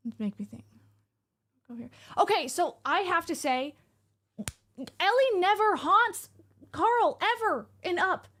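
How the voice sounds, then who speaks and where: An excitable woman streamer, chatting casually from home as she reacts to a game. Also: a little high. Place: home room.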